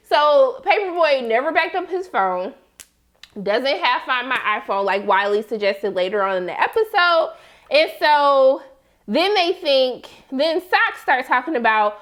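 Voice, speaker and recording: Lady recapping a tv show, high voice, swoops all over, keeps laughing. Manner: animated, laughing, quotes characters in voices. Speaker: TV recap host. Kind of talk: casual episode recap.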